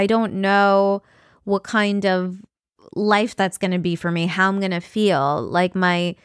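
A woman's voice: mid-range voice, clear, resonant tone, dry recording, clean studio sound. A young woman talking candidly in a personal vlog, rambling with fillers and restarts. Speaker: vlogger.

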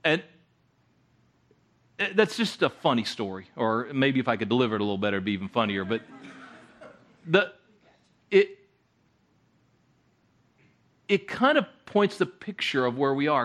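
A man preaching a conversational sermon, often halting and repeating words as he goes. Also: medium pitch, sing-song, a bit bright. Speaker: guest preacher.

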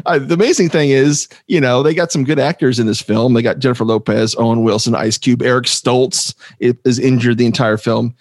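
Animated male podcast co-host. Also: medium pitch, quick pace, hardly any pauses, no room sound, clean studio sound. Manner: animated, laughs often. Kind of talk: casual chat.

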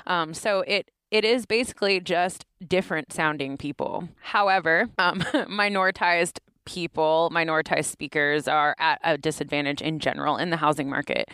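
A young woman with a lowish, smooth, clear voice talks through her research in an easygoing, explanatory way. The sound is dry and close, with no room around it. She laughs easily between points. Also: moderate pace, few pauses, a bit bright, dry recording. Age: young adult. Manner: explains at length, laughs often, quotes voices. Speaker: linguistics researcher, guest. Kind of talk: casual interview talk.

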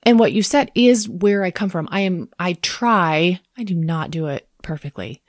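A woman in her thirties talking candidly about parenting and therapy in a relaxed podcast chat, reflective and quick to laugh. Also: fairly low pitch, dry recording, clean studio sound. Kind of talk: casual podcast conversation.

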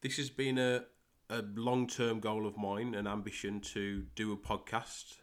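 Speaking alone on his soccer podcast, this West Midlands-accented young Englishman, a host and soccer coach, keeps his voice low and mostly flat. The monologue comes out haltingly, with repeated words and pauses filled as he goes.

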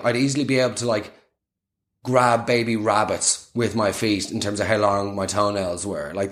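A young man telling a rambling, self-deprecating comic story in casual chat, full of fillers. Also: on the low side.

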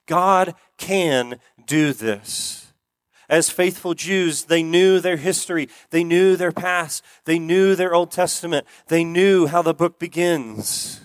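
A male pastor delivers a sermon earnestly, repeating key phrases and slowing down to stress them. His voice sits somewhat high. The recording is dry and close, with no room echo.

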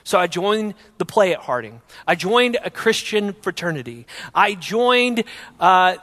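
A young man telling his personal faith testimony in an earnest storytelling way, going from loud to hushed. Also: sits high, sing-song, measured pace, long reverb tail.

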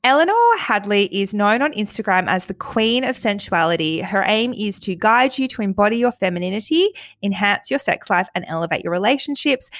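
A woman's voice: mid-range voice, fairly bright tone, dry recording, clean studio sound. A woman in her thirties hosting a podcast, telling stories in a giggly, self-mocking way. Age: 30s. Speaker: podcast host. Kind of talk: casual chat.

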